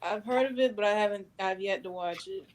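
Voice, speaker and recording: A woman co-hosting a casual livestream, chatty and quick to chime in. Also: medium pitch. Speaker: podcast co-host.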